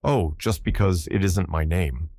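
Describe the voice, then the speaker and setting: A wry, easygoing tour guide with a low, deep voice and a dry, cheerful wit, as a male audiobook narrator plays him. The recording is close and dead, with no room around it. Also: a little slow, gravelly, dark tone, no room sound, full character voice.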